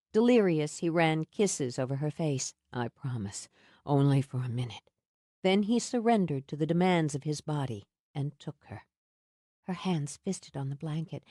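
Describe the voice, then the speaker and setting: Lady reading a romance audiobook, mellow lowish voice, soft and intimate, dry close sound. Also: no echo. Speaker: audiobook narrator. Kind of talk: scripted narration.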